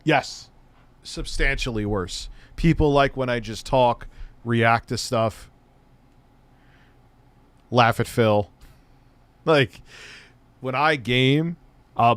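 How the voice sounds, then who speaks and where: A man's voice: mid-range voice, clean tone, no echo. A middle-aged man hosting a live stream, chatting loosely and rambling, with casual swearing. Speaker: streamer host.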